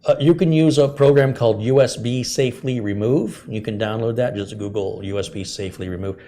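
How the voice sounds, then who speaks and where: A tech channel host runs a live stream, answering viewer questions by reading their messages aloud and walking through fixes step by step. His voice is mid-range, brisk, and mellow, with slight background noise.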